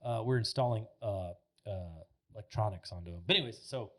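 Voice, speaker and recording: A man's voice: lowish voice, brisk. A man in his thirties, a podcast guest telling stories in a rambling, casual way, full of filler words and swearing. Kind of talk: casual storytelling chat. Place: podcast studio.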